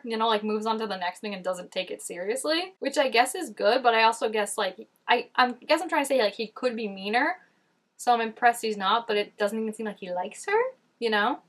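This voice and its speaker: A slightly high, somewhat bright female voice hosts a reaction video. She keeps things casual and talkative while reacting to scenes, frequently dropping in "like."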